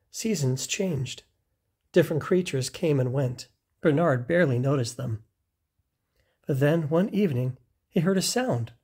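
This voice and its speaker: A reader reading a children's picture book aloud, slow and expressive. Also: medium pitch, slightly rough. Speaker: storybook reader. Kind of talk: children's story read-aloud.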